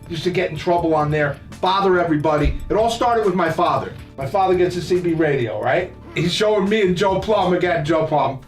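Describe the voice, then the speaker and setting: In casual storytelling on his podcast, an older man from New Jersey meanders through profane, laugh-filled tales of his childhood. He speaks high for a man, recorded far from the mic in a roomy space with faint background music.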